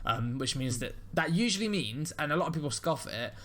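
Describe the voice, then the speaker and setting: A man's voice: on the high side, animated, a little fast, a bit bright, slight background noise. A young man with an English accent, co-hosting a casual chat and rambling on with the odd swear word. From England. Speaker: podcast co-host.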